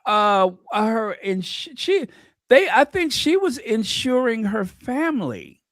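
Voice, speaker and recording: A man co-hosting a casual gossip chat, animated and mocking, breaking into impressions. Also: extremely high pitch, takes it slowly, no room sound, studio quality. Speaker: co-host.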